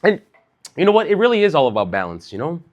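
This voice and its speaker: A man's voice: a little high, huge pitch swings, quick pace, lo-fi sound. A man in his thirties from Chicago doing a loose, conversational stand-up set on a comedy club stage, dropping "like" and "bro" throughout. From Chicago, USA. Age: 30s.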